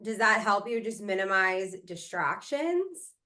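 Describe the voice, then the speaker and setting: This woman hosts a podcast interview, speaking at an unhurried, slow pace. She sounds effusive and admiring as she asks her questions. Her pitch sits in a middle range. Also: sing-song, bright, forceful tone. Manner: effusive, full of praise. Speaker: podcast host. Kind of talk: casual interview conversation.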